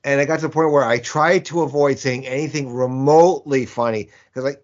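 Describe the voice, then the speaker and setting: A man's voice: mid-range voice, fairly even intonation, fairly quick, hardly any pauses. A man co-hosting a casual podcast, rambling through anecdotes and stumbling over repeated words. His voice sits in the middle range. The recording is somewhat muffled and dull. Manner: rambling, repeats words while searching for them. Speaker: podcast co-host. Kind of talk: casual chat.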